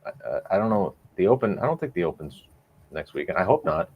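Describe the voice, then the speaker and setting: A man's voice: sits low, very animated, fast talker, lo-fi sound, slight background noise. A man from the Boston area bantering as co-host on a casual podcast, joking and playful. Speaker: co-host sculptor.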